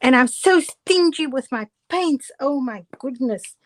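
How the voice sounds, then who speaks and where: A middle-aged woman with a Cape Town South African accent chats her way through a casual live card-making demo as a guest crafter, laughing often and running herself down. Her voice is high with lively intonation at a measured pace, and a slight hiss or hum is audible.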